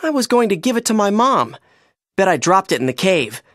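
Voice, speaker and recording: A storybook reader voicing an excitable small boy fish in a raised, childlike voice. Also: medium pitch, fairly quick, no room sound, studio quality, pitched above the performer's own voice.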